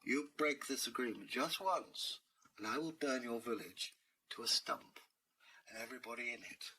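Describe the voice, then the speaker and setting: A grumpy, theatrical dragon with plummy, fussy manners and a raised, bright voice, as a man puts him on. He is fed up and pompous. There is faint noise under the recording. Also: mid-range voice, moderate pace, lightly acted, rough recording. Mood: threatening. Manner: plummy and fussy, then threatening.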